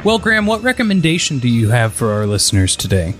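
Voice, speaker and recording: A man's voice: medium pitch, big pitch swings, fast talker, music in the background. A man co-hosting a casual movie podcast, with dry, wry humor. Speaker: podcast co-host.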